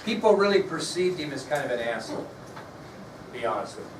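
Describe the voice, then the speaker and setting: A man's voice: mid-range voice, sing-song, fast talker. A man giving a history lecture to his class, blunt and folksy, often putting questions to the students. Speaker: history teacher. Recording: echoey classroom from far off with noise.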